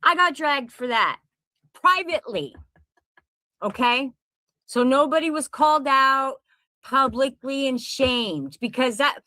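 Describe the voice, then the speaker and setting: Middle-aged mom yelling at her haters on camera, high sharp voice, swears nonstop, slow and deliberate. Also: expressive, no echo. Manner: profane, confrontational, repeats herself. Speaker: content creator. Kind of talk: angry direct-to-camera rant. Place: at home in Pennsylvania.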